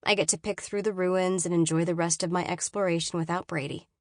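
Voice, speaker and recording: A woman reading a novel aloud in first person, measured and often hushed and inward. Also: on the low side, fairly even intonation, no echo, studio quality. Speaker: audiobook narrator.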